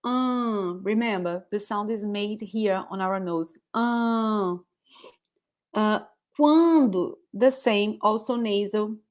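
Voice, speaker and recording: A woman language teacher, a Portuguese speaker with a Brazilian accent, leads a live online pronunciation lesson. Her voice is medium in pitch and slow, and she patiently repeats words for her students.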